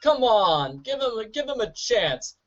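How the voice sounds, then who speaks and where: A man giving chatty, jokey gameplay commentary as a let's-play host. His voice sits a little high. The recording is dull and lo-fi. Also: very animated, slow pace. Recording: dull lo-fi audio.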